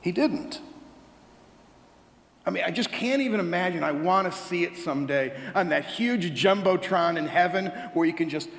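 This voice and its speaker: Male pastor, lively storyteller who voices both sides, gravelly, reverberant sanctuary sound. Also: high voice, normal speed. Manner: animated storytelling, acts out dialogues with God. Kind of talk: conversational sermon. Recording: echoey hall.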